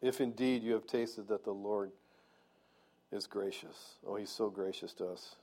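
A man's voice: lowish voice, measured pace, warm tone. A male pastor preaching in church, earnest and conversational, asking the congregation questions as he goes. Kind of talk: sermon.

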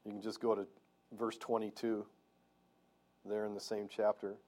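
A man's voice: lowish voice, completely flat delivery, normal speed, darkish tone. A male pastor preaching in church, earnest and conversational, asking the congregation questions as he goes. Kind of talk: sermon.

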